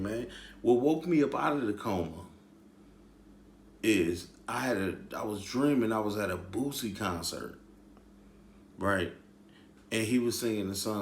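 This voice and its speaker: Man, casual storyteller vlog voice, swears often, lower pitch, reverberant room. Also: a little hiss or hum. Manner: loose, slangy, says "man" often, swears. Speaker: storyteller vlogger.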